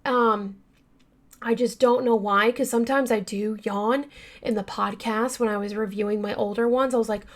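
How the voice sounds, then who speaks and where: A woman's voice: fairly high pitch, steady tone, normal speed. A woman hosting a true-crime podcast, telling the story casually with many fillers and talking straight to her listeners, earnest and yawning now and then. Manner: chatty, many fillers, addresses listeners as you guys; earnest and upset by the case.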